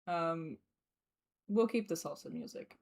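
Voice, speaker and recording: A young woman with an Australian accent chatting casually while streaming a game, laughing often and filling pauses with ums and likes. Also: low-pitched, darkish tone. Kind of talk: casual gameplay commentary.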